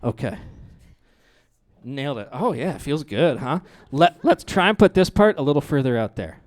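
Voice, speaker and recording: A man's voice: on the high side, normal speed. A middle-aged male pastor preaching a sermon in a conversational, playful way. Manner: conversational, lively and playful with the congregation.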